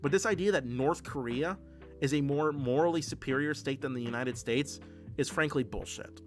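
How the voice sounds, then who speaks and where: A man's voice: mid-range voice, moderate pace, faint music behind. A man doing livestream political commentary, reading chat as he goes, heated and profane, often restarting his sentences. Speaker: political streamer.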